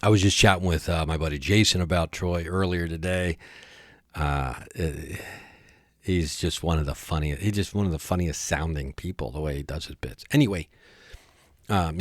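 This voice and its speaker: Male podcast host with a low voice, dry sound, casual rambling comedic monologue. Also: no room sound. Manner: rambling, jokey, earnest.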